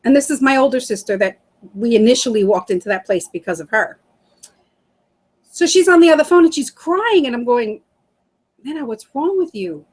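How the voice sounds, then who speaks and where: Her voice leans high and her pace is fairly quick. This middle-aged interview guest recounts her own story with lots of energy, frequently laughing as she imitates what others told her.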